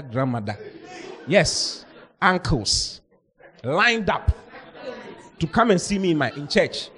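A man, a pastor preaching a sermon, telling stories with lively mimicry of voices and frequent laughter. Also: high voice. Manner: animated storytelling, mimics voices, laughs often.

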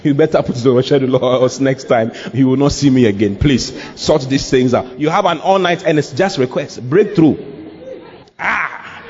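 A man preaching an animated sermon, laughing, mimicking voices and breaking into shouts. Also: medium pitch, moderate pace, some chatter behind. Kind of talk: lively sermon. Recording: dull lo-fi recording.

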